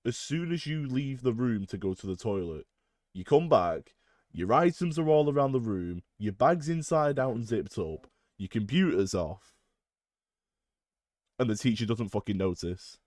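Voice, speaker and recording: A young man co-hosting a podcast, telling school stories in an animated way with bursts of loud laughter. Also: mid-range voice, moderate pace, no echo. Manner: animated storyteller, loud when acting out a shouting teacher, laughs through lines. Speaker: podcast co-host. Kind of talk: casual storytelling.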